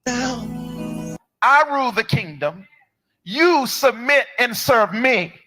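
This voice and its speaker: Loud fiery preacher guy, high bright voice, yells and picks fights, kinda husky. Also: lively intonation, slow, faint music behind, rough recording. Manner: combative, insulting, boisterous.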